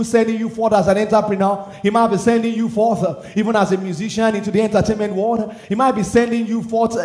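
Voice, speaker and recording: A man's voice: high-pitched, darkish tone, reverberant. A man preaching a sermon, earnest and emphatic, asking the listeners questions. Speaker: pastor.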